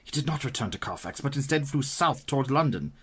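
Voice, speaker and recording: A man's voice: mid-range voice, expressive, quick pace, a bit bright, slightly rough. A man voicing an older male vampire-hunting professor in a radio play, speaking in a formal, commanding way. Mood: grave. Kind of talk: community radio play acting.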